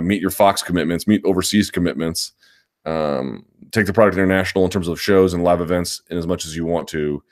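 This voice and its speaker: A male host of a sports live chat, answering viewer comments in an emphatic, argumentative way and repeating his points. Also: deep voice.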